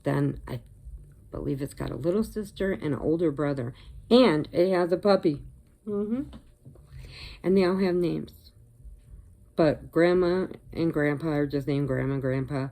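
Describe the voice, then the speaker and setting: A woman's voice: low voice, a little slow, pauses often, dark tone. An older woman from Illinois, chatting casually and rambling on her crochet vlog, laughing often. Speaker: crochet vlogger. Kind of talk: casual chat.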